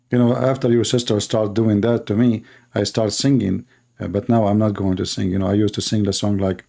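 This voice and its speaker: Lowish, gravelly and mellow, this voice moves fairly quickly with fairly even intonation. The speaker, an Arabic-accented Christian apologist from the Middle East whose native tongue is Arabic, hosts a call-in debate show and mocks his callers sarcastically.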